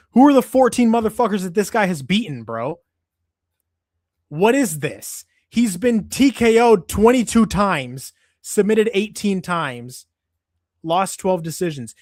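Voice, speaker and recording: Brief: a fed-up male stream host who swears constantly, set a bit high and recorded dry. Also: no room sound. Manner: profane, exasperated ranting. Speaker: MMA show host. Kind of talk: casual livestream commentary.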